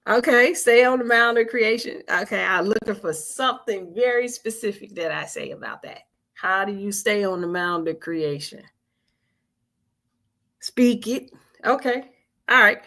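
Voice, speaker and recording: A woman's voice: mid-range voice, a little slow, a bit bright. A woman hosting a weekly spiritual vigil on a live stream, talking informally and earnestly, repeating phrases and coaxing listeners to answer. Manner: colloquial and earnest.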